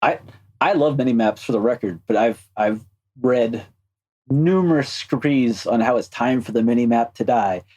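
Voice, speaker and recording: Mellow guy, game animator on a podcast, thinks out loud, lots of restarts. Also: mid-range voice, breathy edge, poor audio. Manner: thoughtful, halting with restarts. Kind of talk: casual interview chat.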